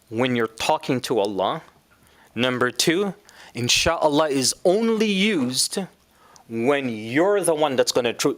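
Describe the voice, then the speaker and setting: An animated man teaching a class, with a somewhat high voice. He often puts questions to his students and keeps the lecture moving. The sound is dry and close, with little room echo.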